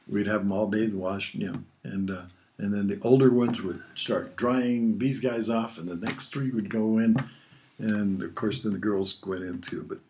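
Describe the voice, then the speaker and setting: A man's voice: on the low side, darkish tone. Older man chuckling through family stories. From Hawaii. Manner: chuckling, rambling storyteller. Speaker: father being interviewed. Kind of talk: casual storytelling.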